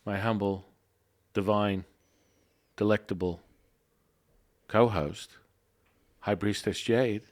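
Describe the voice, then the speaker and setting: Deep-voiced man, playful spiritual host. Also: steady tone, slow, long pauses, a little mellow, no room sound. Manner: playful, drifts into joking put-on slang. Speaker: podcast co-host and Taoist teacher. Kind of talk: casual spiritual podcast chat.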